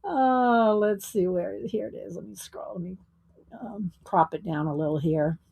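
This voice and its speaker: A woman's voice: medium pitch, creaky, darkish tone, breathy edge, muffled recording. A woman hosting a casual livestream, greeting viewers by name and chatting in a rambling way. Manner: slow, rambling, with fillers and small laughs. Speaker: livestream host.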